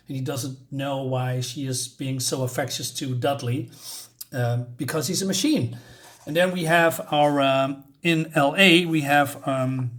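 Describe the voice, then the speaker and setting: A man casually reviewing a comic book, rambling with lots of ums and uhs and correcting himself as he goes. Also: mid-range voice.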